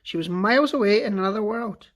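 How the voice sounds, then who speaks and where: A man teacher reading a children's book aloud with expressive, lively storytelling. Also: high voice, quick pace.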